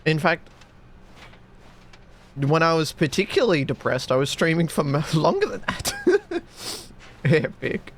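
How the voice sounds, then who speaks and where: A man's voice: a little high, sing-song, measured pace, long pauses, slight background noise. A man streaming and chatting casually, rambling and giggly, hiccuping with the sniffles. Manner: rambling, giggly, self-mocking. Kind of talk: casual chat.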